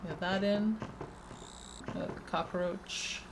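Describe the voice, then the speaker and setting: A woman's voice: lowish voice, fairly even intonation, slow pace, background noise. A woman from Peru with a slight Spanish accent, chatting casually while streaming a game, over-enunciating her consonants. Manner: chatty, rambling, many restarts. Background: faint game music.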